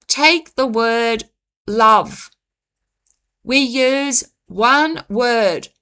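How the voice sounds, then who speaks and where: A woman hosting her own channel, reading a reflective commentary in a measured, deliberate way with frequent pauses. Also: sits high, sharp tone. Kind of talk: slow reflective commentary narration.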